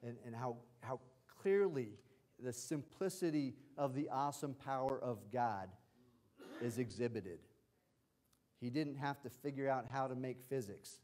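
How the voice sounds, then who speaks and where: A male pastor preaching a livestreamed sermon, moving between quiet explanation and loud, excited exclamations of hallelujah. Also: mid-range voice, a little slow.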